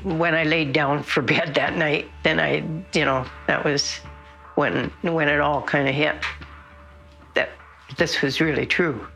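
Older grandmother, gravelly soft-spoken woman. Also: deep voice, fairly even intonation, a little slow, faint music behind. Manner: soft-spoken, repeating herself. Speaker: interviewee, grandmother.

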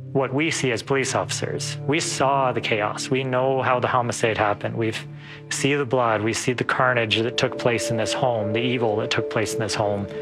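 A man, a police staff sergeant, speaking in a slow, measured, deliberate interview manner. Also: mid-range voice.

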